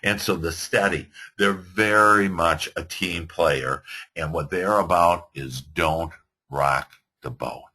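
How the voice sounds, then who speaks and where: A man teaching a motivational seminar to a class, rambling and animated, laughing often. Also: sits low, slow pace, slightly rough. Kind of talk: motivational lecture.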